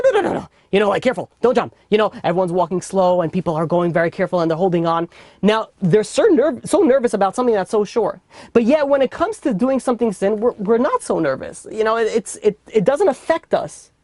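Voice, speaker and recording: A man's voice: sits high, animated, quick pace, a little mellow, no echo, studio quality. A man with a New York accent teaching an informal Torah class in a casual, chatty way full of fillers and restarts. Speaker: rabbi teaching a weekly class.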